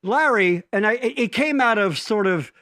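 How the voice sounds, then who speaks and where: A man's voice: high-pitched, expressive, moderate pace, sharp tone, no room sound, clean studio sound. A man hosting a podcast in casual chat who rambles, restarts sentences and jokes with profanity. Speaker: podcast host.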